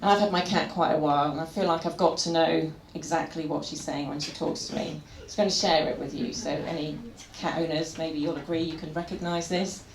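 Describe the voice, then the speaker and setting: A woman's voice: deep voice, steady tone, a little fast, few pauses. Wry woman doing stand-up in an echoey room. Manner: wry, pun-heavy, chats with the audience. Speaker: stand-up comedian. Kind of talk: live stand-up set. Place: comedy venue stage. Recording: echoey venue with crowd noise.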